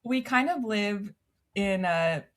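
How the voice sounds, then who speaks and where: Thirtysomething woman chatting on a podcast, laughs a lot, mid pitch. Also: lively intonation, slow, a bit bright. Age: 30s. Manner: chatty storyteller, laughs often. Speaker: podcast guest. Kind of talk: casual chat.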